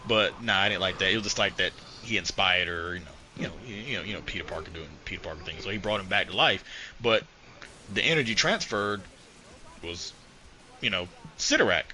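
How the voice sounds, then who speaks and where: A man with a low-pitched, forceful voice talks through comic book storylines on a casual podcast. He rambles, circles back on himself, keeps dropping "you know" and swears freely. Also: fairly quick, a little hiss or hum, low-quality recording. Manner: rambling retelling, heavy on "you know" and profanity. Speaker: podcast co-host.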